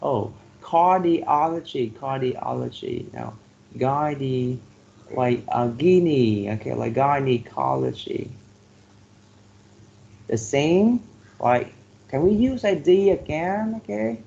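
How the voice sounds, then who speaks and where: A male teacher going through a vocabulary exercise, slowly repeating each word and filling pauses with "like" and "okay". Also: mid-range voice, vocal fry, dark tone. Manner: slow, repeats words to drill pronunciation; filler-heavy, says "like" and "okay" often. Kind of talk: classroom lesson on word stress. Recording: dull lo-fi classroom recording with faint noise.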